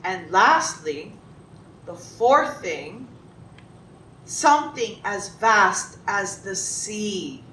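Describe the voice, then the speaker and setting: A man's voice: animated, drawn-out words, sharp tone, full character voice. A woman voicing a cruel male emperor who speaks in a condescending, stern way. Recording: roomy, distant, faint rumble.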